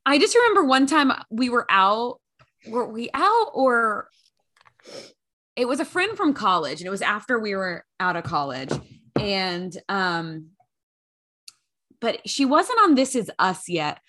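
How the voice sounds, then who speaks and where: A woman's voice: a little high, very animated, measured pace, pauses often, bright, forceful tone. A woman co-hosting a podcast in casual chat, bubbly and teasing as she tells stories. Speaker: podcast co-host.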